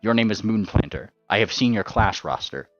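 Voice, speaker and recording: A man voicing a stern, stoic male earth pony mentor who speaks in a flat monotone. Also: fairly low pitch, brisk, no room sound, soft background music, natural voice. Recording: dull lo-fi sound.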